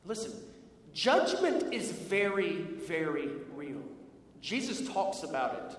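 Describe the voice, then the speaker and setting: A man with a fairly high voice preaches a sermon, moving from a personal story to earnest teaching and slowing down to stress key lines. He is recorded from a distance in a large hall, with a long, ringing reverb. Faint room ambience sits underneath. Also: sing-song, a little hiss or hum. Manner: storytelling, earnest, slows for emphasis. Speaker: pastor. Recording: echoey hall from far off.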